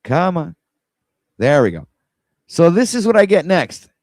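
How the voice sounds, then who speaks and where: A man's voice: fairly high pitch, big pitch swings, a little slow, a little mellow, no echo. A man hosting a casual livestream, rambling in an exasperated way and talking to his viewers while he scrolls. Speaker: livestream host.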